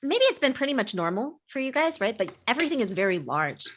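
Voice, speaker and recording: A woman narrating as game master for a tabletop game, describing the scene and trailing off softly. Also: a little high, sing-song, fast talker, background noise.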